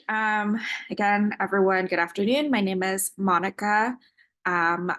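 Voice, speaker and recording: Low-voiced woman presenting a demo. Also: fairly bright tone. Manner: measured, with frequent ums. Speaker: app developer presenting a demo.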